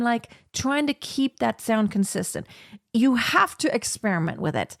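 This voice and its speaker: A woman teaching singing, explaining slowly and breaking into sung operatic soprano examples. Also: fairly high pitch, animated, creaky, no echo, studio quality, faint music behind. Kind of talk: vocal lesson with sung demonstrations.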